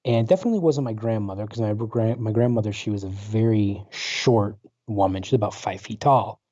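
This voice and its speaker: A man's voice: on the low side, brisk, warm tone, no room sound. A man in his forties, guest on a talk show, telling a personal story in a rambling way full of fillers and restarts over a video call. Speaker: guest, paranormal researcher. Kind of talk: casual storytelling interview. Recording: dull lo-fi internet call audio.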